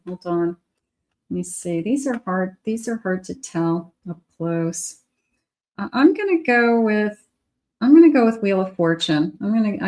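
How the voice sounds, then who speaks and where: A woman doing a casual tarot reading, speaking slowly and thoughtfully. She thinks aloud as she pulls cards, now and then addressing spirit directly. Her voice sits at an ordinary middle pitch. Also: darkish tone. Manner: unhurried, musing aloud, talking to spirit. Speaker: psychic tarot reader.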